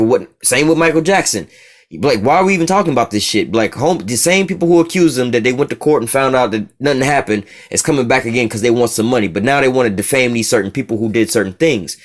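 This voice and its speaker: A religious teacher gives a street-style lecture, reading a text aloud and commenting on it in a rushing, middle-pitched delivery. He's blunt, profane and heated, and as he drives his point he keeps repeating and restarting words. He also keeps throwing in "you see what I'm saying" asides.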